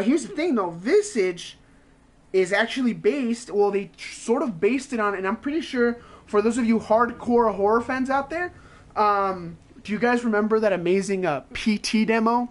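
A man's voice: high-pitched, fairly bright tone. Profane rambling male game streamer. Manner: rambling, swears constantly, acts out his own reactions. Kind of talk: casual profane gaming rant.

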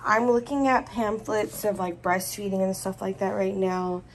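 A woman's voice: mid-range voice, steady tone, normal speed, a little hiss or hum, poor audio. A young pregnant woman giving a casual, gushing tour of her baby's corner at home, a little out of breath and often correcting herself. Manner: chatty, self-correcting, gushing. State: heavily pregnant, a bit out of breath. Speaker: vlogger.

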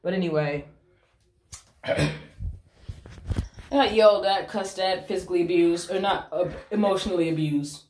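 A woman's voice: fairly low pitch, normal speed, pauses often, a little mellow, a little hiss or hum. A young adult woman chatting casually to her phone camera, swearing freely as she talks. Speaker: vlogger. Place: bathroom. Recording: echoey bathroom.

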